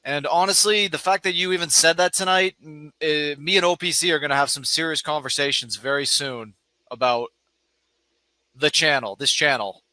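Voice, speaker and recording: A man's voice: fairly high pitch, normal speed, sharp tone, no room sound. A man on a livestream panel, sternly warning another panelist, rambling and repeating himself.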